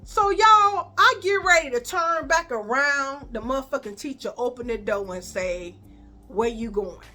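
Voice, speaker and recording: Brief: Chicago woman, high voice, animated, swearing storyteller, faint music behind. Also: moderate pace. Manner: animated, profane, addresses viewers as y'all. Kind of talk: storytime vlog.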